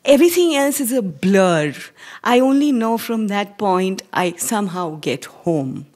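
An Indian woman in her forties, telling a personal story live on stage with measured, hesitant pacing and quiet near-whispered passages. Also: mid-range voice, lively intonation. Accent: Indian English. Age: 40s.

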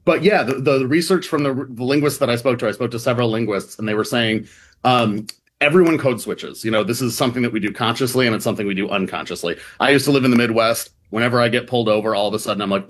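A man's voice: medium pitch, lively intonation, fast talker. A man talking as a reporter guest, explaining at length in a loose, rambling way with many fillers and restarts, sometimes mimicking other voices in jest. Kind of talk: casual explanatory chat.

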